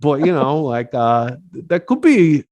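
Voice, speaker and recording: A man's voice: a little high, very animated, slow pace, darkish tone, dull audio. A man hosting a podcast in loose, joking casual chat, full of fillers and swearing. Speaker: podcast host.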